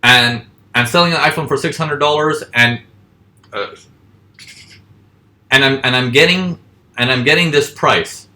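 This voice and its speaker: Man, bright and forceful tone, casual chart lesson, answers his own questions. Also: medium pitch. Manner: asks questions and answers them himself; acts out panicking traders in quick voices. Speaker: forex trading teacher. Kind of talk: casual live teaching over charts.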